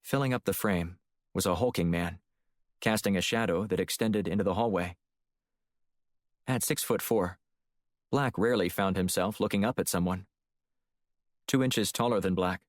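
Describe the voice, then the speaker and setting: Deep-voiced male audiobook narrator. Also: moderate pace, long pauses, no echo, clean studio sound. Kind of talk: scripted narration.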